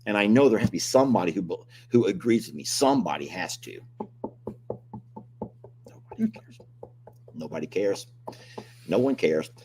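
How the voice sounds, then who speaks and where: A man's voice: sits low, animated, moderate pace, pauses often, noisy background. An older man, hosting a casual live-stream chat, joking and complaining animatedly. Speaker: host.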